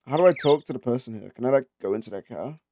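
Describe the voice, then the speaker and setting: A man's voice: medium pitch, expressive, rapid-fire, background noise. A man casually commenting and reading aloud while playing a video game, with giggly self-mocking asides. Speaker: gaming channel host. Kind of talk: casual let's-play commentary.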